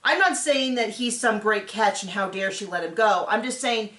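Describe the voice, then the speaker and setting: A woman's voice: mid-range voice, moderate pace, roomy sound. A woman hosting a casual reality show recap, talking animatedly and acting out what the people on the show said. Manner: animated, acts out quotes in voices. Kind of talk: casual commentary.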